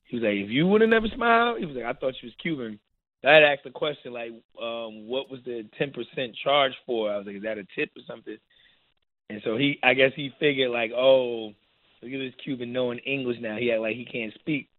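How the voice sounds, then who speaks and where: A man's voice: mid-range voice, brisk, no echo, narrow, tinny audio. A young man from New York with a New York accent, casually telling a travel story and acting out what others said. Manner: animated, acts out quoted voices.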